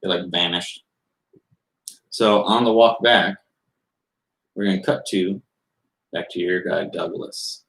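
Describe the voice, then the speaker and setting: A man's voice: low voice, steady tone, slow pace, gravelly, long pauses, fairly bright tone. A young man narrating as game master, rambling loosely with lots of filler words. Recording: roomy echo.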